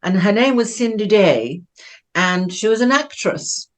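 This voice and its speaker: A woman's voice: medium pitch, expressive, unhurried. A woman of about seventy from Manchester, England, telling stories about her life as an interview guest in a chatty, rambling way, often breaking into laughter. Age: around 70. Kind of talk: personal storytelling.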